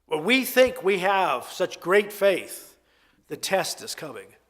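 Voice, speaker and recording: Animated preacher with a lively high voice. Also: male voice, slow pace. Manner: expressive, conversational storytelling with emphatic swings. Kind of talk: sermon. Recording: long hall reverb.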